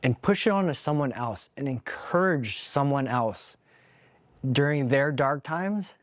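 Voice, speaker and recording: Podcast host, young adult man, mid-pitched, earnest storytelling monologue, emotional and close to tears, dry close mic. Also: expressive, measured pace, dry recording. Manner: earnest, candid, emotionally open. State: emotional, holding back tears.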